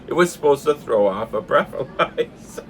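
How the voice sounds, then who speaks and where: A man's voice: medium pitch, expressive, normal speed, a little hiss or hum. Older man telling a story through fits of laughter. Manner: laughs often and hard while telling a funny story; acts out the shouted lines in the story. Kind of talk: casual storytelling. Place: pub.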